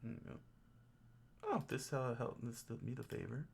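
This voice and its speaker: With a creaky, darkish voice at medium pitch, a man talks at normal speed with big pitch swings, over a little hiss or hum. He's on a casual stream studying Japanese, reading words and meanings aloud while joking, thinking aloud and correcting himself.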